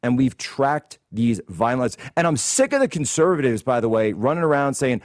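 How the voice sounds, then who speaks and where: A man's voice: medium pitch, big pitch swings, moderate pace, hardly any pauses, dry recording, clean studio sound. A man hosting a political commentary show, ranting in a combative, indignant way. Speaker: host.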